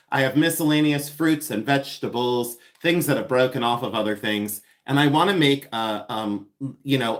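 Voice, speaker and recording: A middle-aged man hosting a chatty live-stream jewelry unboxing, gushing over finds, greeting viewers by name and laughing often. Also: mid-range voice.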